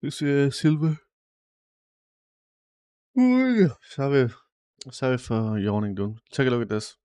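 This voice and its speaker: A man's voice: mid-range voice, normal speed, a little mellow, clear, resonant tone, dry recording, studio quality. A man live streaming and chatting casually about the news, loose and swearing, calling his viewers "dude" often. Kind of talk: casual chat.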